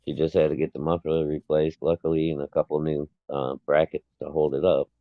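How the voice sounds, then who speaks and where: A very deep-voiced man chats on a podcast, telling stories in an easygoing way and laughing often. His voice comes through a thin, phone-like line with no room sound around it. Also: little pitch movement, fairly quick, dry recording. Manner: laid-back, chuckling storyteller. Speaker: podcast co-host. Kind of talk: casual chat.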